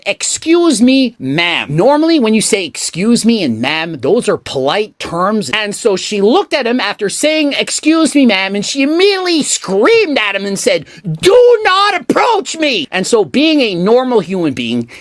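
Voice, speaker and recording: Woman with lively pitch, dry sound. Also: dry recording. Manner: measured, reasoning step by step. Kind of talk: analytical commentary.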